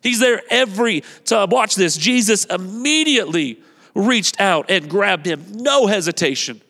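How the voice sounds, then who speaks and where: A man's voice: high voice, unhurried. A male pastor preaching a sermon with energy, urging the congregation on and repeating his phrases. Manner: energetic, exhorting, repeats phrases, acts out quotes. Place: church sanctuary. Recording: long reverb of a large hall.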